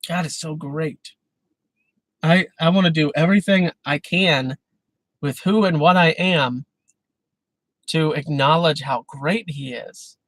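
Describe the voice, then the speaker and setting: Hosting a live stream, a man talks casually yet emphatically and earnestly about faith, often breaking off and restarting. His fairly high, fairly bright voice keeps a measured pace; the recording is rough with no echo.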